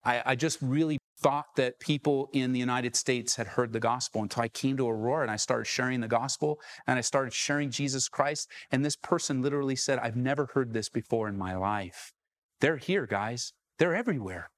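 A man's voice: medium pitch, brisk, dry recording. A man from Southern California preaching a sermon to his congregation in church, calling out questions to the room and driving his points home. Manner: preaching with rising calls to the congregation. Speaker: pastor.

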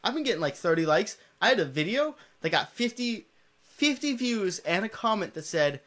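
A man's voice: sits high, normal speed. A man co-hosting a casual podcast chat, joking and swearing freely. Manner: joking, profane, animated. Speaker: podcast co-host.

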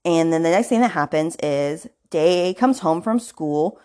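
A woman's voice: deep voice, animated, measured pace, warm tone. A woman podcast host casually recapping a novel's plot, full of "like" and "you know" fillers, with indignant asides. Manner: chatty, filler-heavy retelling.

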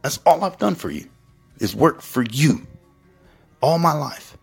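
A man's voice: a little high, big pitch swings, measured pace, creaky, slightly rough, faint music behind, pitched above the performer's own voice, exaggerated voice. A man voicing an older son who indignantly complains to his father about working hard all his life. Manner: whiny, indignant.

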